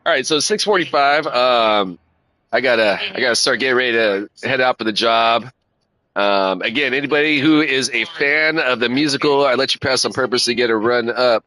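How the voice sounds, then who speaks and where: A man's voice: mid-range voice, normal speed, low-quality recording. A middle-aged man streaming a racing game, chatting casually and candidly, swearing freely and leaning on "man" and "right?". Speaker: live streamer. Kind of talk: casual chat while playing a racing game. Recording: loud car engine noise behind the voice. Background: racing game car sounds.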